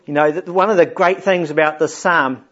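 A man's voice: on the high side, moderate pace, a bit bright, muffled recording. A man leading an informal Bible study for a group, chatty and often chuckling as he explains a psalm.

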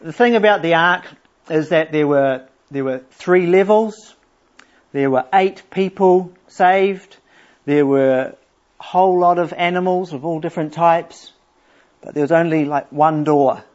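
Middle-aged male preacher, fairly high voice, earnest teaching sermon, dull recording. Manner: earnest, explanatory, reads scripture aloud slowly.

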